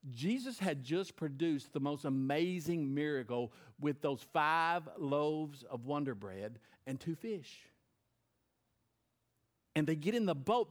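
A male pastor preaching a sermon on a stage mic, swinging between loud emphatic bursts and quiet, intense lines. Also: on the high side, expressive, slow.

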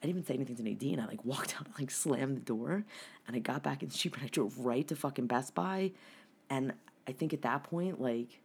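A woman's voice: a bass voice, brisk, breathy edge. A woman in casual chat, telling a long story bluntly and with plenty of swearing. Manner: profane, blunt, animated retelling.

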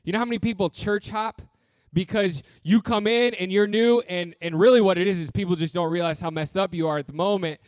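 A man's voice: sits high, steady tone, brisk, few pauses, dry recording, studio quality. A man preaching a sermon as pastor, earnest and blunt, with touches of humor and repeated phrases.

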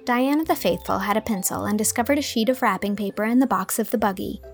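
A woman narrating a classic storybook with a gentle, even reading manner. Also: mid-range voice, fast, faint music behind. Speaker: audiobook reader.

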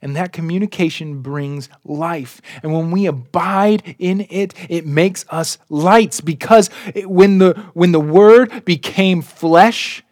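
Man, pastor preaching a sermon, earnest, slow, high voice, dry close sound. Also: a little mellow, dry recording.

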